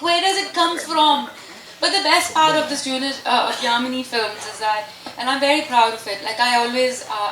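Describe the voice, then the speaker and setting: A woman speaking casually at a press meet, animated and chatty, answering questions with frequent laughter. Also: on the high side, a little hiss or hum. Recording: echoey hall from far off.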